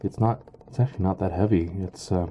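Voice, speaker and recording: Hesitant deep-voiced man. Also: fairly even intonation, lo-fi sound, slight background noise. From Canada. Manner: hesitant, halting, full of ums and uhs. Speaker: knife reviewer. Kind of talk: casual product review.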